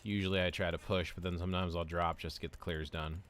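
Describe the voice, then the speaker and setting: Low-voiced man chatting on a game stream. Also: flat delivery, fast talker, fairly bright tone, clean tone. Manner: rambling, chatty, answers viewers' comments aloud. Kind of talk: casual live-stream chat while playing.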